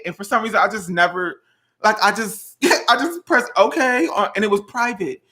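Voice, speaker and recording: Bright, sassy young man. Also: high-pitched, lively intonation, moderate pace. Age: 20s. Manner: sassy, dramatic, playful teasing. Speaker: host. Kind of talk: casual live-stream cooking chat. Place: home kitchen.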